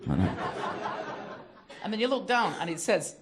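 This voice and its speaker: A man's voice: sits high, expressive, quick pace, crowd noise. A man with a Northern English accent doing a stand-up routine on a comedy club stage, telling sweary, conversational stories into a handheld mic. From North-West England. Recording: noisy live club recording. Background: audience laughter.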